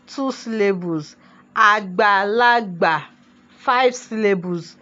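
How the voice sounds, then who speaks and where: A woman teaching a Yoruba language lesson, moving between Yoruba and English and often asking rhetorical questions. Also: on the high side. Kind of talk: classroom lesson. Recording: dull lo-fi sound.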